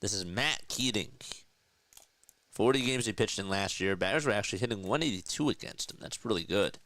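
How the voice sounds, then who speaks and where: A young man streaming live play-by-play of a baseball game, chatting with his viewers between pitches and lifting his voice for each call. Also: fairly quick, a bit bright. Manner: pitch calls rise in pitch and energy. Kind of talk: live play-by-play commentary with chat.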